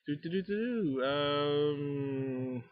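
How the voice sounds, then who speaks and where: A folksy American man reviews a beer outdoors, rambling in a chatty way and chuckling between thoughts. His voice sits a little high for a man. It comes through a dull, muffled camera mic with no room echo. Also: expressive, very slow. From United States. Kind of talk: casual beer tasting vlog. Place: outdoors out back.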